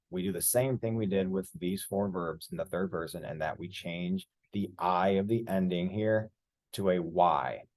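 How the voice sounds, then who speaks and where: A man's voice: on the low side, a little mellow. A man teaching Spanish verb conjugation, patiently explaining and spelling out letters one by one. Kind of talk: explaining grammar at a board.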